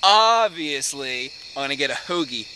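A man mimicking his friend's catchphrase-heavy way of talking, loud and exaggerated. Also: mid-range voice, lively intonation, moderate pace, noisy background, lightly acted. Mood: mocking.

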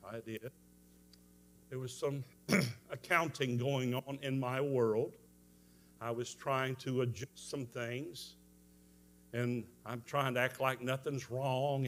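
A man preaching a revival sermon, telling a story with strong emotion, moving from hushed tones to shouts. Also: medium pitch. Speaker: evangelist preacher.

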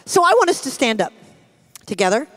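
A middle-aged American woman pastor preaching, telling a personal story with lively acted-out quotes. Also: a little high, fairly quick. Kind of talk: sermon with storytelling. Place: church sanctuary. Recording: long hall reverb from a church.

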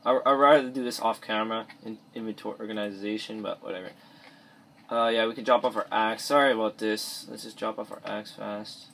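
This lowish, creaky male voice belongs to a teenage boy talking a little fast with fairly even intonation and a fairly bright tone. He rambles through let's play gameplay commentary in his bedroom, frequently restarting and mumbling asides. A cheap or device mic captures slight background noise.

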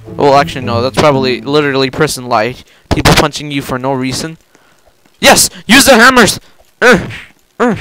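A young man giving casual gameplay commentary, excitable, yelping and repeating himself. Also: mid-range voice, brisk, slight background noise. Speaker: gameplay video host.

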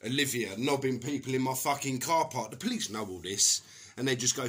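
A middle-aged man rants furiously to the camera, swearing hard. His voice is sharp and forceful, and he slips into mocking put-on voices as he goes. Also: mid-range voice, fairly quick, husky. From England. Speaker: vlogger. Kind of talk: angry personal rant to camera.

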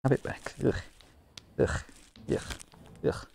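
A British man playing a VR game and commentating, excitable and joking, shouting and laughing at enemies. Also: takes it slowly, a little hiss or hum. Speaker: gaming YouTuber.

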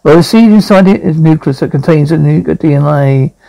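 A man's voice: fairly high pitch, brisk, vocal fry, warm tone, no room sound, poor audio. An actor playing a male scientist who explains technical matters in a matter-of-fact way, in a television drama. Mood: explaining.

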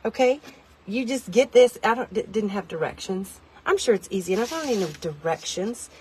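Rambling, easily excited woman vlogger. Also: medium pitch, fairly quick, a little hiss or hum. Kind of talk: chatty product demo vlog. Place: inside a tiny car.

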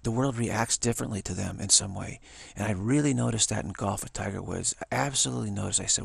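A man talking in a casual, rambling monologue, often restarting his words and growing excited as he goes. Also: lowish voice, normal speed, gravelly, husky, no room sound. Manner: excited, animated. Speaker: talk host.

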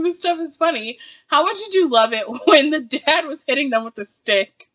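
A woman's voice: sits high, big pitch swings, normal speed, a bit bright, no room sound. A woman giving a casual reaction review of a TV episode, ranting in exasperation and laughing often.

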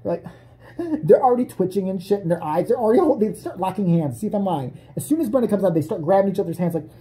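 Guy ranting for laughs, swears a ton, laughs a lot, mellow darkish voice. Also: sits high, expressive, fast talker. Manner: profane, laughing, jumps into voices. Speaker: vlogger. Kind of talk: casual comedic rant.

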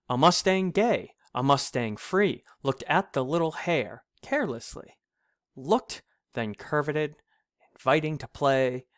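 A man reading an old rhyming storybook aloud, in a measured, sing-song delivery. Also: mid-range voice, no echo, studio quality.

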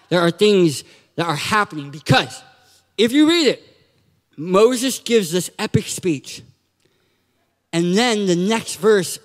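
Male guest preacher, high sharp voice, playful and animated, long church-hall reverb. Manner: animated and joking, acts out quotes with shouts. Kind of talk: sermon.

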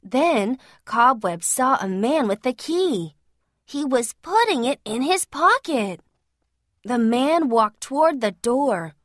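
A woman reading a children's storybook aloud, slowly, clearly and expressively. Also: a little high, no echo, clean studio sound.

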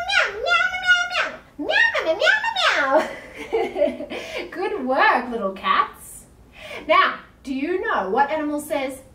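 Woman, children's yoga teacher, very high voice, slow and playful, roomy sound, distant mic. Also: fairly bright tone, slight background noise. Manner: encouraging, playful, makes animal sounds. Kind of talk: guided yoga class for young children.

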